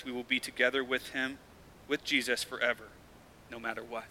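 A man's voice: mid-range voice, little pitch movement, brisk, bright, forceful tone, a little hiss or hum. A male pastor giving a sermon in a church, speaking earnestly and conversationally, with rising emphasis.

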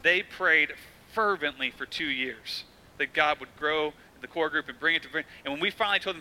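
A man's voice: fairly high pitch, lively intonation, moderate pace, pushed and bright, low-quality recording. A man in his thirties, a pastor preaching a sermon in a casual storytelling way, acting out quotes.

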